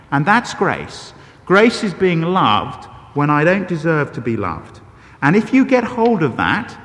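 A man preaching a sermon, telling self-deprecating stories with lively animation. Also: medium pitch. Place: church. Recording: reverberant church hall.

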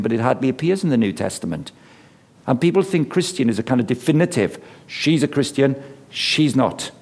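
A man's voice: fairly high pitch, darkish tone. A middle-aged man preaching a sermon, telling stories, acting out the voices he quotes and driving points home with repetition. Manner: storytelling, acts out quoted voices, emphatic repetition.

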